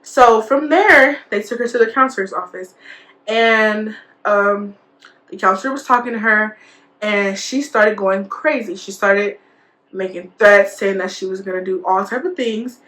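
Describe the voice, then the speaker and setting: A woman's voice: medium pitch, a little slow, fairly bright tone. A young woman vlogger telling a school story in a casual, chatty way, full of fillers and quoted dialogue. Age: young adult.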